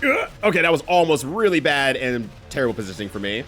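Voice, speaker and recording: Lively, laughing man streaming a game. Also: mid-range voice, quick pace, soft background music. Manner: chatty, laughs often, talks to chat while playing. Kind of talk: casual gameplay commentary.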